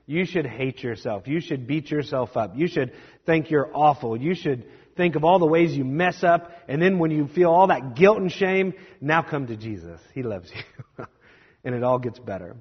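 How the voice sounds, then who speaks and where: A young man preaching a sermon as a pastor, conversational and self-deprecating, with quick asides. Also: on the high side, lively intonation, slightly rough, in a large hall, muffled recording.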